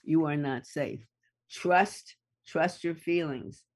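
A guest expert in a conversation, explaining things deliberately and repeating key words for emphasis. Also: mid-range voice.

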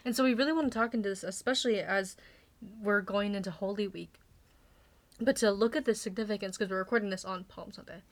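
A young woman co-hosting a faith podcast with her mother, upbeat and speaking in quick, excited bursts. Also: medium pitch. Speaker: podcast co-host, daughter.

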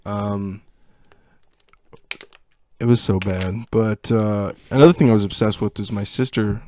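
A man's voice: on the low side, unhurried. A young man co-hosting a podcast, telling a childhood story in casual chat, laughing often and acting out what people said. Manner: laughing, animated storyteller who acts out quotes. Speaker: podcast co-host.

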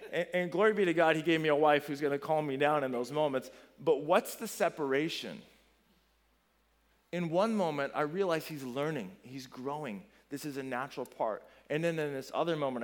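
A man in his thirties preaching a sermon in a church, conversational and animated as he tells stories and addresses parents. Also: on the high side, brisk. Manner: conversational storytelling, animated and emphatic. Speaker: pastor.

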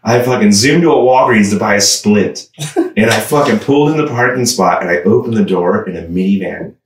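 A young man telling a wild story in casual chat, animated, swearing often, laughing and shouting out the outbursts he quotes. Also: on the low side, brisk, recorded from a distance. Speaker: musician guest. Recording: echoey room, voice a bit off-mic, background noise.

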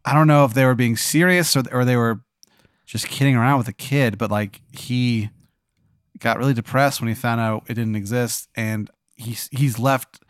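Homem incrédulo e seco como jogador. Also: male voice, medium pitch, smooth, no echo, clean studio sound. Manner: incredulous and questioning, deadpan. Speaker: player. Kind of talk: in-character role-play.

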